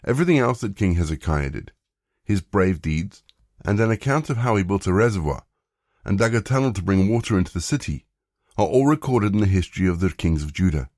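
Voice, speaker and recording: A man reads scripture aloud in a very deep, low voice, measured and even. The recording is dry and close, with no room sound at all. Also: dry recording. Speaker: scripture reader. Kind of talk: scripted Bible reading.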